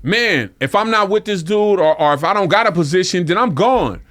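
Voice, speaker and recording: A man's voice: high-pitched, lively intonation, a little fast, a bit bright, dry recording, clean studio sound. A middle-aged man from Vallejo, California, a rapper guest telling stories in a laid-back, streetwise way, peppered with "you feel me.". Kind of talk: casual interview storytelling.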